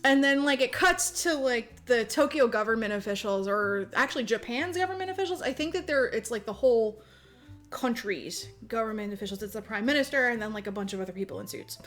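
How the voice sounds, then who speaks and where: A woman's voice: fairly high pitch, lively intonation, a little fast, a bit bright, faint music behind. A young woman on a podcast, casually and profanely recapping a movie, laughing often and acting out the characters' lines. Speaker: podcast co-host.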